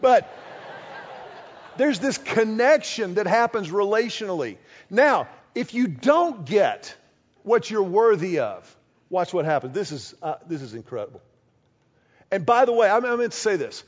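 A high-pitched male pastor preaches a little slowly, his voice swooping all over the place. Animated, he slips into small acted-out, quoted exchanges to make his points, and the sound is a bit dull and lo-fi.

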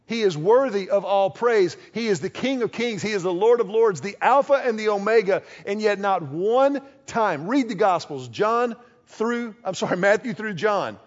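A man preaching a sermon, lively and conversational, acting out short quoted exchanges as he goes. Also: high-pitched, moderate pace, muffled recording. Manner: animated, acts out little quoted exchanges. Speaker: pastor.

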